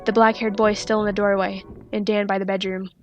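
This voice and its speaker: A woman reading a fan fiction story aloud with steady, expressive narration. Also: mid-range voice, fairly quick, muffled recording, faint music behind.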